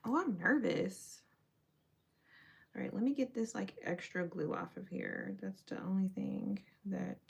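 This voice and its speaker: Young woman livestreamer, gravelly voice, casual chatty read. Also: mid-range voice, slow pace, pauses often, a little hiss or hum. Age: young adult. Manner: chatty, talks to viewers while doing her makeup.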